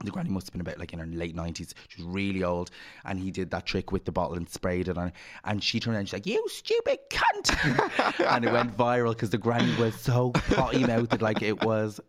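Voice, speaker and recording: A man's voice: fairly low pitch, fairly even intonation, quick pace. A man co-hosting a podcast, telling stories in a chatty way, swearing freely and acting out quotes. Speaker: podcast co-host. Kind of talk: casual chat.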